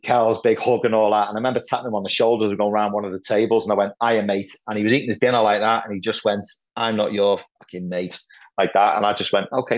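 A middle-aged man, telling lively football anecdotes as a podcast guest, peppered with "like" and "right". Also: on the low side. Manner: animated anecdotes, lots of "like" and "right". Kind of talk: casual storytelling chat.

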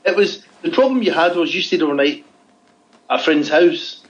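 A man's voice: fairly high pitch, lively intonation, moderate pace. A man co-hosting a podcast, reading out odd news items in casual chat with a dry, teasing manner and lots of "okay?" tag questions. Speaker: podcast co-host. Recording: dull lo-fi audio.

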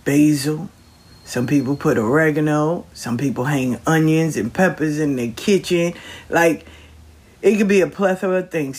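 His voice sits a little high with a breathy edge as he speaks casually and comfortingly in a Southern Black vernacular. He hands out folksy spiritual advice in an inspirational way, now and then sinking into a whisper.

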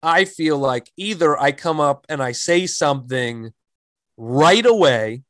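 A man's voice: fairly high pitch, lively intonation, a little slow, fairly bright tone, dry recording. Chatty comedian man, dry close sound. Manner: rambling, many likes and restarts. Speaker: stand-up comedian guest. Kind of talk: casual storytelling chat.

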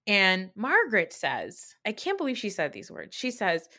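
A woman hosting a solo podcast who recaps reality television in an opinionated, sarcastic, animated way. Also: mid-range voice, moderate pace, few pauses. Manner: opinionated, sarcastic, animated storytelling with mocking quoted voices. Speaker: podcast host.

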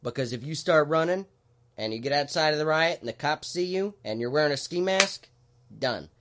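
Laid-back man explaining in casual chat. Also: fairly high pitch. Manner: relaxed, explanatory, halting with fillers. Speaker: podcast host.

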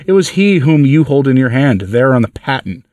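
A man's voice: medium pitch, very animated, normal speed, warm tone, no room sound, distant mic, natural voice. Howling defiant male demon, read aloud by a man, taunting; dry room, mic set back. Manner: shrieking, taunting.

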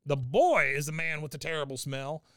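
A man voicing a belligerent old grandfather who barks orders in a gruff, sneering way. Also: fairly high pitch, normal speed, a bit bright, dry recording, clean studio sound, natural voice. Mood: cranky.

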